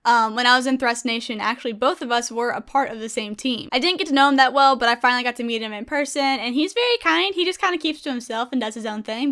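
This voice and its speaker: Young woman, high-pitched, giggly and gushing, casual vlog chat. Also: fairly bright tone. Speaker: gaming YouTuber.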